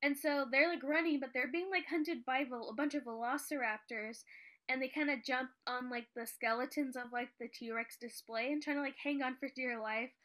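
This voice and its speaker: A woman's voice: sits high, fairly even intonation, normal speed, a bit bright. A woman chatting casually about a movie, recapping scenes with lots of filler words.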